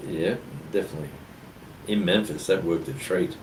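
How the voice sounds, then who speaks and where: A man's voice: sits low, moderate pace. An Australian man co-hosting a casual chat, telling rambling stories with lots of fillers. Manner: rambling storyteller with many fillers. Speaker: co-host. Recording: distant mic with clear background noise.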